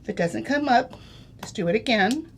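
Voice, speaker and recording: A woman's voice: a little high, animated, normal speed, a little hiss or hum. A middle-aged woman giving a chatty, step-by-step craft demonstration on a live show, checking in with "okay?" and "right?". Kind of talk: live craft product demo.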